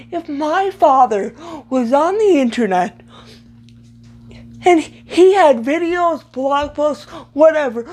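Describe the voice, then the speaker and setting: A young woman giving blunt, sarcastic commentary in a halting way, often repeating the first sounds of words. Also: high-pitched. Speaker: vlogger. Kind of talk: opinionated commentary.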